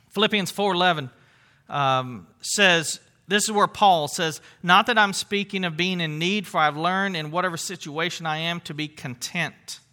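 Bright, high-pitched man preaching earnestly. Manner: earnest, conversational, restarts and asides. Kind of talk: sermon.

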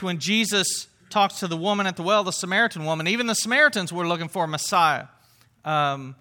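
A man with a high, piercingly bright voice teaches scripture in a conversational sermon. He talks earnestly, leaning on words of wonder, and often stops to restart a phrase or fill a pause. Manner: earnest, with frequent fillers and restarts, emphatic exclamations. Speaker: Bible teacher.

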